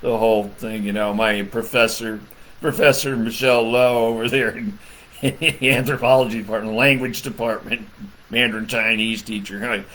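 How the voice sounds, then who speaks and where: A man's voice: on the low side, steady tone, moderate pace, a bit bright. A man, a political comedian, rambling through a crude comedic rant, laughing often and leaning on fillers. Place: Michigan.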